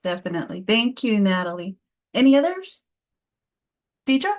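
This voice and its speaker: A woman's voice: medium pitch, sing-song, normal speed. A woman facilitating a parenting class, leading the group with encouraging, upbeat praise.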